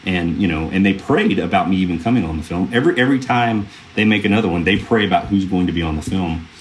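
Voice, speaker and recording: A man's voice: low voice, lively intonation, quick pace, slight background noise. A man in his thirties, a film producer, telling earnest stories in a casual interview, rambling with fillers and restarts. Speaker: film producer, podcast guest.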